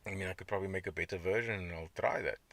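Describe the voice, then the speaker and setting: A man with a low voice, vocal fry, and a fairly bright tone races through a casual diet podcast monologue on his own show. He rambles conversationally and reacts to chat comments, with no echo in the recording.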